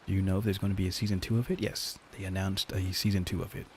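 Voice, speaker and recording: A man's voice: sits low, flat delivery, quick pace, slight background noise. A man streaming and chatting with his viewers in a rambling, joking way, using a lapel mic. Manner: rambling, joking, talks to chat. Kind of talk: casual live-stream chat.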